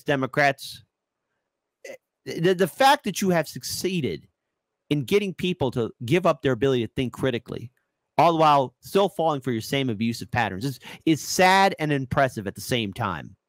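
A man hosting a ranting political commentary show, sarcastic and animated, with mocking asides. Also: medium pitch, dry recording.

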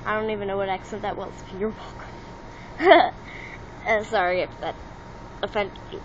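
A woman's voice: mid-range voice, steady tone, moderate pace, lo-fi sound, slight background noise. A young woman vlogging casually, hyper and giggly, rambling and jumping between thoughts while moving around with a handheld phone.

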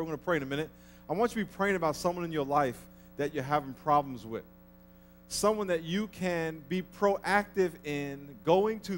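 A man's voice: a little high, slight background noise. A man pastor preaching a sermon, telling a story in a casual way and then pressing his point with rising force. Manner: conversational storytelling, building to emphatic exhortation. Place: church.

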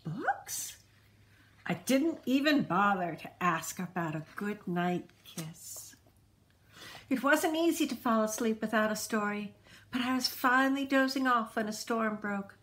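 Bright, expressive woman reading a storybook. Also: on the high side. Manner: expressive, unhurried read-aloud.

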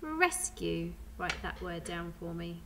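A woman's voice: on the low side, very animated, slow pace, gravelly, noisy background. A woman with a British accent teaching a phonics lesson to young children, patiently sounding out words letter by letter. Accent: British English. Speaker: primary school teacher.

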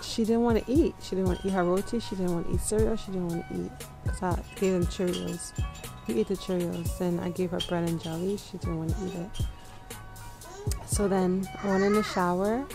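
A young woman vlogger chatting casually and softly, drained and out of breath, full of "like"s. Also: fairly low pitch, fairly even intonation, a little fast. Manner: soft, tired, filler-heavy talk. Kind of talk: casual vlog chat. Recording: music playing behind.

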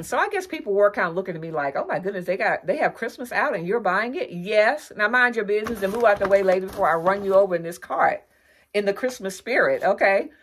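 A woman's voice: medium pitch, fairly bright tone, slight background noise. A woman chatting casually to viewers, gushing over holiday decorations she bought and calling her audience y'all. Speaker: lifestyle vlogger. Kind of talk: casual haul video chat.

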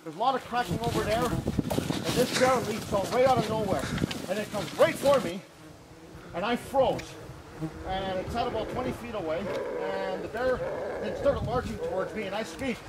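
A young man from northern Canada telling a story in a casual, animated way, re-enacting his own shouts. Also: high-pitched, moderate pace, very noisy. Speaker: storyteller giving a tour. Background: music playing under the voice.

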